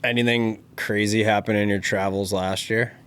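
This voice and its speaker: Podcast host dude, lowish smooth voice, dry close sound. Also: male voice, little pitch movement, moderate pace, fairly bright tone, no echo. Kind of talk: casual interview question.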